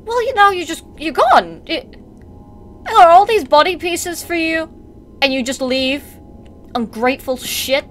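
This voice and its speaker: A woman's voice: extremely high pitch, expressive, a little slow, fairly bright tone. A woman commenting on a horror game as she plays, chatty and sarcastic, talking back to the mannequins and jumping at scares. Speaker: gameplay streamer.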